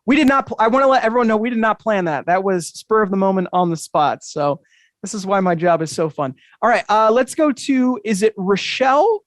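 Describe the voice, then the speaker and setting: A man's voice: high voice, expressive, brisk, dry recording, clean studio sound. A man hosting an interactive magic show over a video call, talking to the audience with upbeat, enthusiastic patter. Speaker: magician and host.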